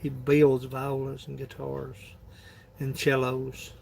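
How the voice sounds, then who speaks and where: A man's voice: mid-range voice, monotone, slow pace, creaky, a little mellow, slight background noise. A man, chatting casually on a phone livestream in a rambling, folksy way, laughing often. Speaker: livestream host.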